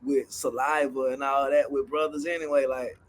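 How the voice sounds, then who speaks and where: A man's voice: mid-range voice, level tone, normal speed, a little hiss or hum. A man on a podcast who talks bluntly in slang and often cuts in with short agreements. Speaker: podcast co-host. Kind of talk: casual group chat.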